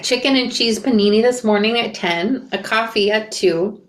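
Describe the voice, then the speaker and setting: A woman reading a memoir aloud and breaking off for quick asides and self-corrections. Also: on the high side. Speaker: reader reacting to a memoir. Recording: roomy echo.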